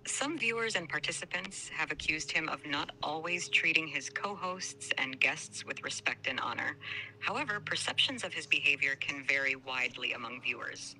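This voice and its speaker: A calm AI chatbot co-host, voiced by a man, speaking in an even, formal, lecturing way. The voice is very bright and crisp. It never loses its composure. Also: fairly high pitch, moderate pace, soft background music, poor audio. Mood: measured.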